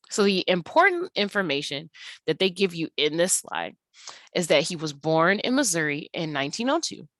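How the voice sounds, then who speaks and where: A young adult woman teacher talking through a recorded slide lesson at an unhurried pace, with many ums and uhs. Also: on the low side, sing-song, fairly bright tone, no echo.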